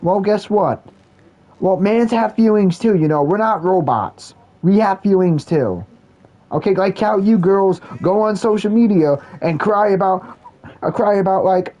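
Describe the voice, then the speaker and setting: Rambling man with a mellow voice. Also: high voice, unhurried, lo-fi sound. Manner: rambling, repetitive, many restarts. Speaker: gaming vlogger. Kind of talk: casual rant while gaming.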